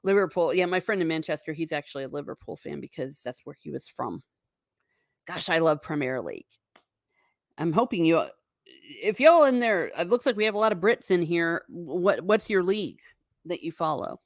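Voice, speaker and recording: With a lowish voice, lively intonation and a moderate pace, this American woman runs a casual livestream where she reads out viewer comments and laughs a lot. The studio-quality recording has no room sound.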